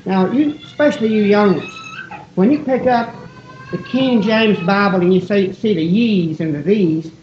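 A woman preaching a sermon in a church, folksy and digressive, often breaking off and gently poking fun at herself. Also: medium pitch, normal speed, a little hiss or hum. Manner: digressive, folksy, self-deprecating. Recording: roomy, dull lo-fi church recording.

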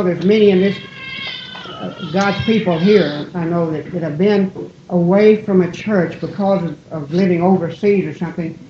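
A lower-voiced woman preaches a sermon in a church, in a folksy, wandering way, often breaking off and joking at her own expense. The sound is roomy and echoing. It is also dull and lo-fi, with a faint hiss under it. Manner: digressive, folksy, self-deprecating.

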